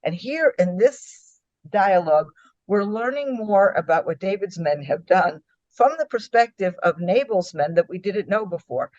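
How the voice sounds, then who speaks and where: Animated woman teaching a Bible lesson. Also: medium pitch, a little slow, no room sound, muffled recording. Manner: animated, acts out quoted speech, many fillers and restarts. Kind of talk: Bible study lecture.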